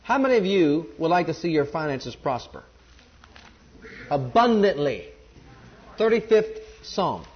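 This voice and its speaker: A man's voice: fairly high pitch, very animated, normal speed, pauses often, lo-fi sound. A man preaching a sermon and calling on the congregation to join in. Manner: emphatic, calls on the congregation to respond.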